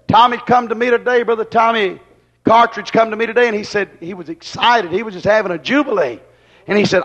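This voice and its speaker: A man preaching a fervent sermon, emphatic and repetitive, swinging between loud exclamations and hushed asides. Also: high voice, fairly quick. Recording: dull lo-fi recording.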